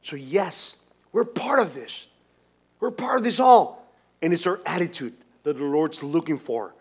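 A man preaching a sermon as pastor, swinging from hushed, quiet lines to loud, emphatic ones, with many restarts. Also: a little high, animated, measured pace, breathy edge.

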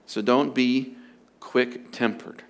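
A man's voice: mid-range voice, fairly even intonation, takes it slowly, vocal fry. A man preaching as a pastor, earnest and emphatic, often repeating his phrases for stress. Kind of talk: sermon on marriage.

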